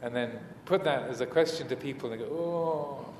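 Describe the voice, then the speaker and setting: In his dharma talk, a monk with a mid-range voice moves at a quick pace but stumbles gently through fillers and restarts, sprinkling in mild humor. The recording has an echoey hall sound and faint background room noise.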